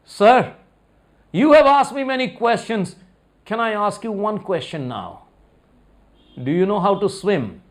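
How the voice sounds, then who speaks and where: A man puts on a simple old boatman who speaks plainly, in a lower and softer voice than the narrator's own. It is a storytelling part inside a motivational talk. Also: lively intonation, a little slow, long pauses. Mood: triumphant. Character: humble old male boatman, later defiant.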